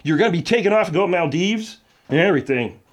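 A man's voice: high voice, animated, fast talker. A man co-hosting a radio show, needling and teasing his partner in banter. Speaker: co-host.

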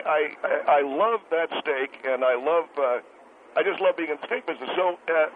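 A man voicing a bitter restaurant-owner caller in a comedic radio call-in bit, who talks in indignant, stammering rushes and repeats himself. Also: fairly high pitch, lightly acted. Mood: rambling. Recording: noisy tinny phone line.

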